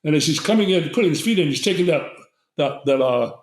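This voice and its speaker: A man's voice: a little high, animated, fast. An older man, a guest, telling a long story with many fillers and restarts. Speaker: guest herbalist. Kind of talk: storytelling in conversation. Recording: roomy echo.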